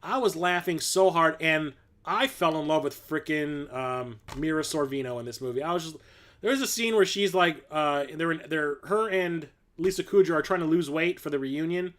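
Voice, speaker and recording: A man's voice: on the high side, normal speed, a bit bright. A man in his forties hosting a casual livestream, rambling and enthusiastic, full of fillers like "um" and "like". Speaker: host.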